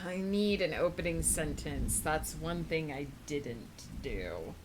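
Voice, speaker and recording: A woman's voice: low voice, lively intonation, slow, noisy background. A young adult woman chatting casually on a live stream while she writes, rambling and full of fillers.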